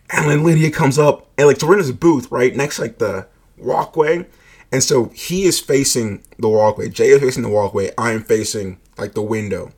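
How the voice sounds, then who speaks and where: Guy telling a story casually, swears a lot, says like constantly, mid-pitched voice. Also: normal speed, darkish tone, slightly rough. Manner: laid-back, profane, heavy use of "like", laughs often.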